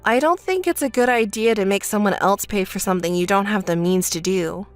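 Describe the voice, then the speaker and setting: A woman voicing a calm, fed-up older sister in a texting story voice-over, flat and dismissive. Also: medium pitch, a little fast, faint music behind, voice pushed down, close to an everyday voice. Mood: dry.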